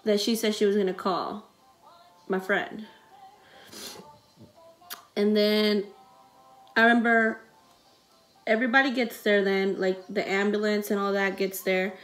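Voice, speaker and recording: A woman's voice: mid-range voice, fairly even intonation, measured pace, pauses often, fairly bright tone, soft background music. A young woman vlogging, telling a personal story in a rambling, emotional way with many fillers, close to tears.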